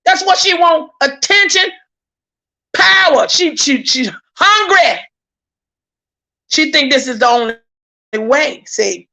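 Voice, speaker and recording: A woman, holding forth on a live stream in a high, ringing voice. She sounds indignant and preachy, hammers her points again and again and trips over her words when she gets worked up. She keeps turning to her viewers as "y'all.". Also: expressive, slow, creaky, pauses often, bright, forceful tone. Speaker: YouTube commentator. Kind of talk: heated live-stream commentary.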